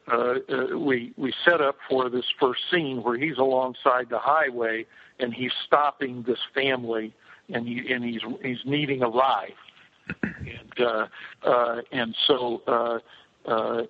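An older man, a film director, telling rambling behind-the-scenes stories with lots of fillers and restarts. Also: medium pitch. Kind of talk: casual anecdotal storytelling. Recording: tinny phone-like line.

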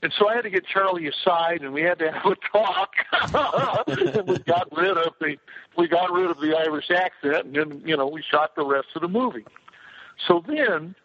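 A man's voice: a little high, animated, moderate pace, sharp tone. An older man recalls his film shoots in a loose, rambling way, full of "uh"s and restarts. His voice comes through a tinny, phone-like line. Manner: rambling, many fillers and restarts. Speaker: film director interviewee. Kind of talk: casual anecdotal storytelling.

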